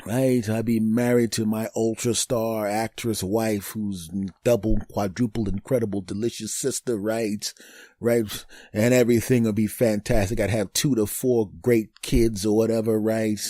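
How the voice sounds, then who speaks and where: A man's voice: fairly low pitch, unhurried, no echo, clean studio sound. A fifty-year-old man hosting his own comedy podcast, riffing alone and acting out bits of mock dialogue. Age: 50s. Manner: animated, acts out mock dialogue in bursts; laughs at his own jokes. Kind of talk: solo comedic podcast monologue.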